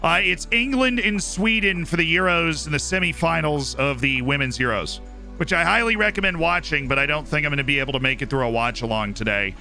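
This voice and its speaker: Bright-voiced, tired man streaming a game. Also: on the high side, vocal fry. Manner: chatty, upbeat, thanks subscribers by name. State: tired, voice starting to go. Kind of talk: casual game livestream commentary.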